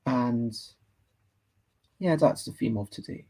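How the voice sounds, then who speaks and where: A man's voice: mid-range voice, lively intonation, slow pace, dark tone, husky. A Scottish man drawing on a livestream, chatting casually and thinking aloud as he reads and answers comments from the chat. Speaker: livestreaming artist.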